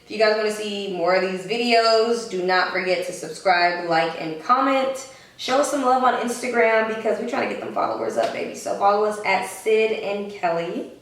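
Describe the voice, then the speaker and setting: A woman's voice: mid-range voice, lively intonation, moderate pace, distant mic. A young woman co-hosting a vlog, telling her story in a casual, sassy way with emphatic asides. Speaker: vlog co-host. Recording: echoey room, away from mic.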